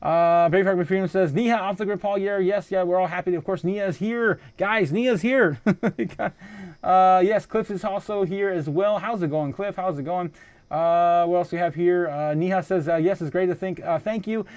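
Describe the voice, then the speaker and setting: A man with a fairly high voice hosts a casual livestream, reading viewer comments and reacting with frequent laughter. His talk is loose and full of fillers, restarts and exclamations. The sound is close and dry, with no room around it. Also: darkish tone, no room sound. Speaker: livestream host.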